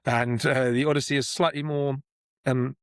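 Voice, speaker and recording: A man's voice: mid-range voice, fairly even intonation, normal speed, smooth, dry recording, clean studio sound. A man giving a casual spoken lesson on Shakespeare, talking conversationally with frequent restarts and repeated words, sometimes chanting the verse rhythm aloud. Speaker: Shakespeare explainer. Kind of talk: casual explanatory talk to camera.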